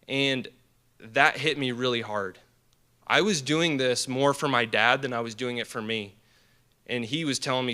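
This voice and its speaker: Young guy telling his story at a team dinner, bright clear voice, earnest, lots of ums. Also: mid-range voice, moderate pace. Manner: earnest, animated storyteller with many fillers. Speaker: guest speaker at a team dinner. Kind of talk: personal storytelling speech. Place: banquet hall.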